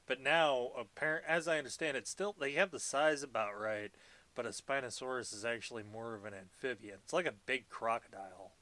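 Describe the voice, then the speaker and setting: A man's voice: mid-range voice, fairly quick, sharp tone. Rambling, profane man recapping a movie. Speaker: podcast co-host. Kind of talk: casual movie recap chat.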